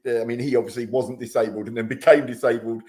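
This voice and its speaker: A man's voice: mid-range voice, fairly even intonation, fast, a little mellow. A man hosting a casual chat, reminiscing with fan enthusiasm. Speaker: host.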